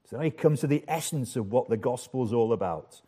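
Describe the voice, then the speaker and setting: A man's voice: medium pitch, animated, brisk, warm tone. An older man preaching a sermon as the church's pastor, earnest and emphatic, repeating key phrases for weight.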